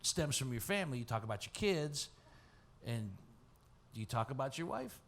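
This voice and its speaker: A man hosting a live podcast interview on a comedy stage, asking questions and then shouting introductions to the crowd. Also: mid-range voice, sing-song, normal speed, creaky. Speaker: podcast host.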